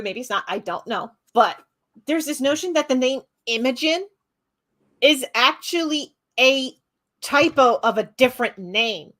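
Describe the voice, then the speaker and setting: A woman chatting casually on a livestream, easygoing and quick to laugh. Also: on the high side, a bit bright.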